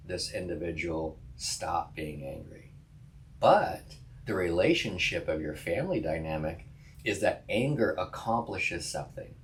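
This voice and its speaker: A man's voice: deep voice, fairly bright tone, slight background noise. A man, a counselor co-hosting a podcast, talking casually, laughing often and restarting sentences. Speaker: podcast co-host, licensed counselor.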